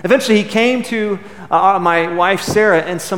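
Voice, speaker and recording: Middle-aged male pastor, fairly high voice, emphatic sermon delivery, recorded in a reverberant hall. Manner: emphatic preaching, dramatic pauses, swings from loud to quiet. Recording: echoey hall.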